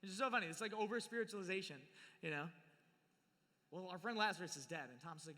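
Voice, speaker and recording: A man's voice: a little high, animated, racing, pushed and bright. A man giving a live sermon on scripture, playful and acting out the people in the story, recorded in a large hall. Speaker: youth speaker. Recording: live hall with long reverb.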